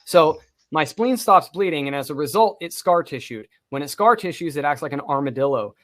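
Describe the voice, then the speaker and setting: A podcast co-host, a man whose voice sits a little higher than most. He tells a personal story casually, with plenty of swearing and colorful detail. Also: a little fast. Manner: profane, vivid, animated storytelling.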